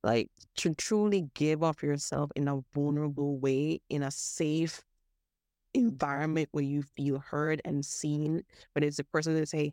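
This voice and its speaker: Low-voiced woman, earnest. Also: a little slow, no room sound, studio quality. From Caribbean. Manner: earnest, animated, laughs often, restarts words. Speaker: podcast guest, mental health advocate. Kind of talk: casual interview chat.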